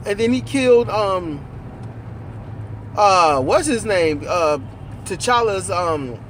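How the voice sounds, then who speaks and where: A man in casual, animated conversation about a movie, riffing with profanity and acting out lines while riding in a car. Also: high-pitched, slow pace, pauses often, a little hiss or hum. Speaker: co-host.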